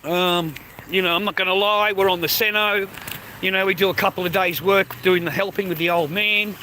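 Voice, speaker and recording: Australian man, high and sharp-toned, rambling outdoor phone vlog, constant swearing and matey asides, faint ambient hum. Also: fairly even intonation, brisk, poor audio. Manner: loose and rambling, swears constantly, calls listeners mate and bro. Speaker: vlogger. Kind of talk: rambling casual monologue to camera.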